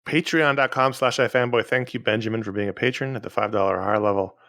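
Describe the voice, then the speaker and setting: A man's voice: mid-range voice, fast, a bit bright, dry recording, studio quality. A man co-hosting a podcast in a casual, chatty way, running through announcements and listener emails. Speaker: podcast co-host.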